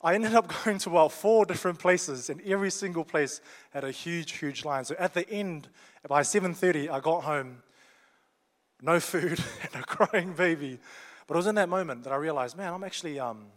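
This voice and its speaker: Young New Zealand man preaching, easygoing and jokey, slightly high voice, long hall reverb. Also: moderate pace. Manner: joking, conversational and down-to-earth. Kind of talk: sermon.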